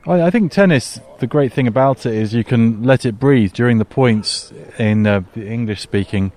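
A man who works as a sports commentator, chatting outdoors at a tennis venue with a dry, measured humor. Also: medium pitch, darkish tone. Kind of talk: casual chat interview.

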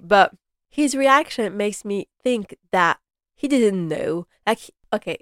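A woman casually recapping a TV drama episode, chatty and animated, with lots of fillers and acted-out lines. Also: a little high, unhurried, no echo, studio quality. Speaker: fan reviewing a TV drama episode.

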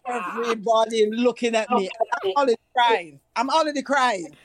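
A middle-aged Jamaican woman in casual chat, telling stories in an animated way and laughing often. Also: fairly high pitch, moderate pace, a crowd in the background. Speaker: guest.

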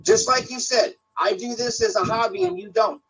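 Emotional man in his fifties, pitch swinging. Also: big pitch swings, normal speed, gravelly, fairly bright tone, husky, poor audio. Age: 50s. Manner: emotional, defensive, cursing. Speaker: caller. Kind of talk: heated on-air argument.

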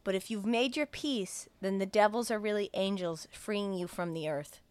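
A young woman in casual chat, retelling a movie scene by scene with plenty of laughter. When she quotes a character she breaks into sudden loud, high outbursts. The mic is close and dry. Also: moderate pace, clean tone, no echo. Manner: animated, laughs often, acts out characters' lines in loud raised voices. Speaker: podcast co-host retelling a film.

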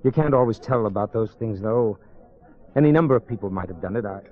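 1940s radio play: actor as a courteous wealthy charmer with a lowish voice, on a dull, muffled old recording. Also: male voice, animated, quick pace, close to an everyday voice. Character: charming wealthy man suspected of murder. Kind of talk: 1940s radio drama acting.

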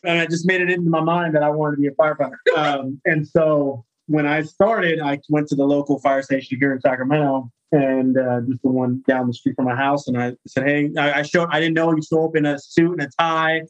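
A man from California in his thirties, talking as a guest firefighter in a relaxed interview. His voice sits a little high for a man, and he tells his story with animation, slipping into the voices of the people he met. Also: fairly quick, hardly any pauses, lo-fi sound. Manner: animated, acts out quoted voices.

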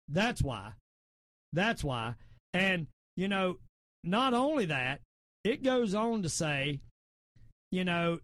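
Fervent Southern host, middle-aged, high-pitched, preaches in repeated emphatic lines. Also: male voice, lively intonation, takes it slowly, pauses often, fairly bright tone, dry recording, clean studio sound. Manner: repetitive, emphatic, quotes scripture. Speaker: podcast host. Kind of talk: fervent preachy political talk.

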